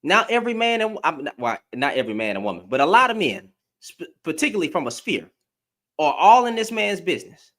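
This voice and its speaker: A man's voice: fairly high pitch, big pitch swings, a little fast, fairly bright tone. A man giving a blunt, profane opinion rant to camera, firing off rhetorical questions as a commentary vlogger.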